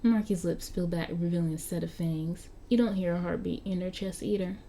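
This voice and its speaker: A woman's voice: on the low side, fairly even intonation, brisk, warm tone, slight background noise. A woman reading an interactive story aloud, often stumbling and restarting over words, with chatty asides to her viewers. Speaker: story narrator.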